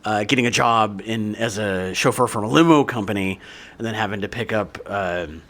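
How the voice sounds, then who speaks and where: A man's voice: fairly low pitch, moderate pace, a bit bright. A middle-aged man co-hosting a podcast in casual chat, reading film trivia with joking asides. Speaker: podcast co-host.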